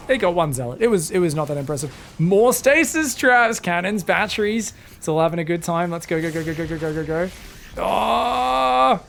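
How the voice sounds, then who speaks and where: Gravelly high-voiced male game caster. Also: moderate pace, slight background noise. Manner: animated, swears freely, drifts into rambling stories. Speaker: esports caster. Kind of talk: solo live game commentary.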